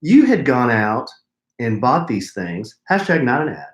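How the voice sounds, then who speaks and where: Animated man telling stories in a roomy room. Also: unhurried. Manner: animated, jokey storytelling with big pitch jumps. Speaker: podcast co-host. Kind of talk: casual chat.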